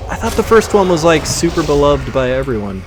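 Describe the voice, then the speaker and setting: A man's voice: on the high side, sing-song, fairly quick, noisy background. A man chatting casually while playing a game with friends, teasing with dry, crude humor. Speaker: co-player. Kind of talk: casual gaming chat. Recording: game music clearly behind.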